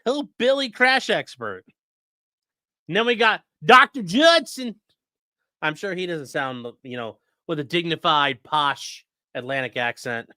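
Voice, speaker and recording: Guy streaming, high lively voice, dry close mic, joking around n doing goofy voices. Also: a little slow, dry recording. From grew up in a rural area. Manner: jokey, animated, mock voices and sudden yells. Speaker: livestream host reacting to a trial. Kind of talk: casual livestream commentary.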